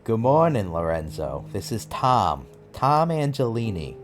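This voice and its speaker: A cordial, slightly pompous Boston professor with a lowish voice and faint game music behind him, as a man puts him on. His speech stays formal and polished. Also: sing-song, unhurried. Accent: Boston (put on). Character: upbeat middle-aged male professor from Boston, cordial.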